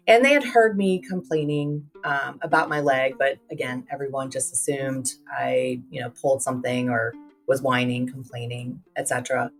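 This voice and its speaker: A middle-aged woman with a low-pitched voice recounts her story as a podcast guest. She slips into quoted dialogue and casual fillers as she goes. She sits a little away from the mic, and soft guitar music plays underneath. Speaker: guest, public health advocate. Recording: distant mic with faint music.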